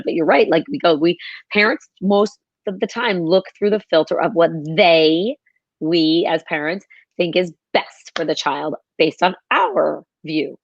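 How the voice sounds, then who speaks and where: Low-voiced woman host on a dull line. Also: steady tone, normal speed, no echo. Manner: warmly affirming, rambling with restarts. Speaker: podcast host. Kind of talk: conversational interview.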